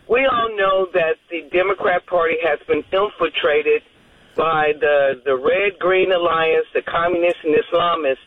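A woman calling in to a radio show, rambling and losing her train of thought. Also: lowish voice. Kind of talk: call-in phone conversation. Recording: tinny phone line.

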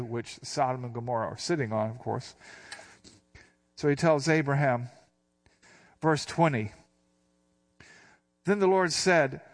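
An older man preaching in a conversational sermon style, reading scripture aloud slowly and then explaining it. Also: medium pitch. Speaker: pastor.

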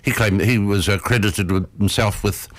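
A man co-hosting community radio, explaining things in casual chat with many pauses and fillers. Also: lowish voice, steady tone, no room sound. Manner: hesitant, many ums and uhs. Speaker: radio co-host.

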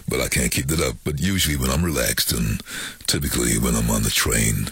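A middle-aged man, a voiceover artist, telling lively anecdotes in a chatty way and putting on voices for the people he quotes. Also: very deep voice, fairly quick, slightly rough, no room sound. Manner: chatty, animated storyteller who breaks into quoted voices. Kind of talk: casual storytelling in an interview.

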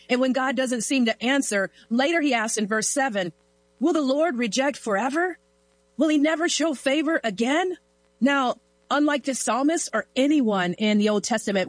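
A woman's voice: mid-range voice, no room sound, low-quality recording. A woman hosting a daily Bible devotional, reflective and earnest as she reads and explains scripture. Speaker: devotional host.

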